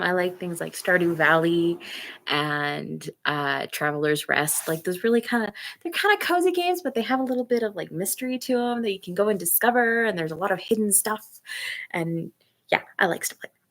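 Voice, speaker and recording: A woman's voice: fairly low pitch, fairly bright tone. A woman author hosting a casual live chat, talking in a hesitant, self-conscious way with many fillers.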